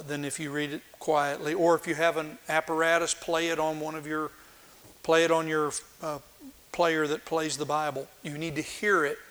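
A man who is a pastor, reading scripture aloud with slow drama and then teaching in plain words with small restarts. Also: on the high side, fairly bright tone.

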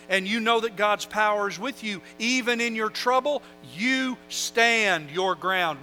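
A man preaching with a high, ringing voice that carries. He moves from loud calls to the congregation down to quiet, confiding asides. Faint music hums underneath. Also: low-quality recording. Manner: animated preaching, swinging from loud calls to soft asides, with call-and-response. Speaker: pastor. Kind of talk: sermon.

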